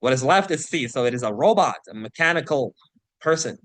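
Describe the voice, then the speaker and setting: A man teaching an English vocabulary lesson, who explains words, reads example sentences aloud slowly and keeps checking in with "right?". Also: medium pitch, expressive, a bit bright, no echo. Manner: slows to read example sentences and passages aloud.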